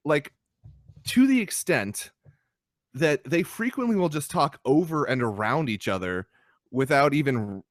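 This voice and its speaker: A man's voice: a little high, dry recording. Podcast co-host: young man, dry close sound, swears freely and rants with energy. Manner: animated, swearing, ranting critique. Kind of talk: casual podcast chat. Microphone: podcast microphone.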